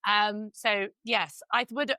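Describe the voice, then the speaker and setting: A woman's voice: medium pitch, fairly even intonation, slow pace, bright, forceful tone, no room sound. A woman co-hosting a podcast, chatting frankly with a giggly, talkative manner. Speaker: podcast co-host. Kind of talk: casual chat.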